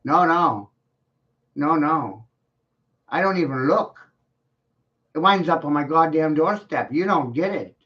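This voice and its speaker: A man rants at a slow, drawn-out pace, swearing often and mocking his listeners with laughter. The sound is muffled and lo-fi, as from a home vlog. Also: on the high side, lively intonation. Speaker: video blogger. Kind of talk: profane rant to the camera. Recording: dull lo-fi sound.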